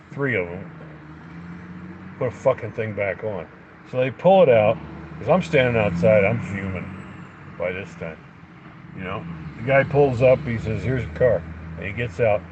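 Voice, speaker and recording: A man's voice: lowish voice, background noise. A man angrily telling a story in a profane rant, acting out both sides of an argument. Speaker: livestreamer. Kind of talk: angry ranting story.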